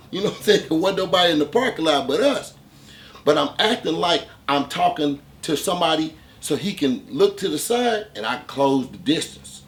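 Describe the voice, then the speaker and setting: An animated man telling a gritty street story, his voice rising and falling with the drama. He talks in a profane, casual way, peppering lines with "man", and sits a little higher in pitch than most men. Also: moderate pace, a little hiss or hum. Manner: animated, profane, conversational, with many "man" fillers. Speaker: storyteller, channel host.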